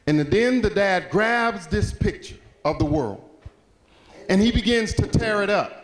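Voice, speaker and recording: High-voiced man telling a story in an echoey hall. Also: expressive, measured pace. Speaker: speaker. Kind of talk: storytelling speech to a school audience.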